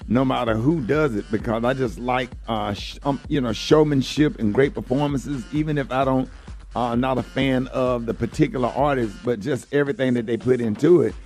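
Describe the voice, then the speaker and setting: A man's voice: mid-range voice, normal speed, a little mellow, faint music behind. A man hosting a morning radio show, bantering loosely with co-hosts and teasing them with a laugh.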